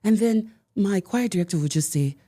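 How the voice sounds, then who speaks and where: A woman's voice: medium pitch, lively intonation, moderate pace, mellow. A woman telling a personal story in a podcast conversation, speaking emphatically and repeating key phrases for effect. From United States. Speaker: podcast guest.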